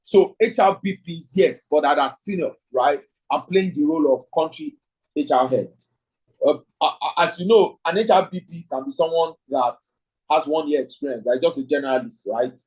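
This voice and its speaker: On a low-quality recording, a man with a voice on the high side, a little mellow with a breathy edge, speaks at normal speed. He's teaching an online leadership class, musing aloud, often asking "right?" and reading out chat answers from participants as they ask questions.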